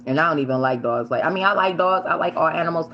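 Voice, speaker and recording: A woman casually telling a story while she eats on camera, animated and swearing freely, sometimes shrieking the words she yelled. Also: sits low, fast talker, highs cut off, slight background noise. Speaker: vlogger.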